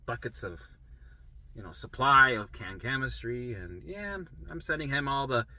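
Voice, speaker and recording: Man voicing a lazy brain alarm system, indifferent, offhand, lively pitch, very bright tone. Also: moderate pace. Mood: shrugging. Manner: shrugging, offhand.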